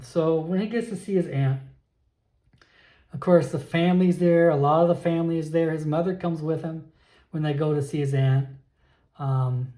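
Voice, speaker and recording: A man narrating a solo tabletop game, thinking aloud with frequent pauses and restarts. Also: fairly high pitch, mellow, roomy sound.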